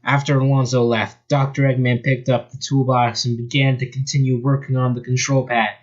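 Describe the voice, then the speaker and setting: A man's voice: mid-range voice, level tone, moderate pace, muffled recording. A young man casually reading a fan story aloud, chatty and joking about the text. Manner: chatty, laughs at the text, off-script asides. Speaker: amateur story reader.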